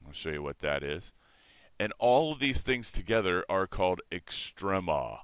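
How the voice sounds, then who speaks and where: A man teaching a math lesson in a relaxed way, correcting himself and explaining as he sketches on a board. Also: sits low, normal speed, smooth, dry recording.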